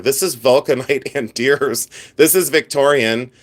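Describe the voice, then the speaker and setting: A middle-aged man from Ohio with an Ohio accent, a reseller chatting animatedly on a live stream while showing jewelry. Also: medium pitch. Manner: chatty, animated, quick asides and laughs. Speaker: jewelry reseller hosting a livestream. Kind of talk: live stream show-and-tell.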